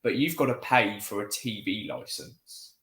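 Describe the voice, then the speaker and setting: A man's voice: lowish voice, measured pace, a bit bright. A man chatting animatedly on a live call, often exclaiming. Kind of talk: casual chat on a live call. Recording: echoey room.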